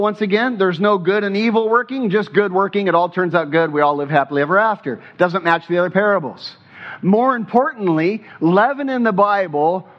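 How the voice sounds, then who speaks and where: A male pastor delivering a sermon in a fairly high voice. He preaches with emphasis, uses rhetorical questions and repeats key phrases. The recording sounds dull and lo-fi. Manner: slows down when quoting scripture.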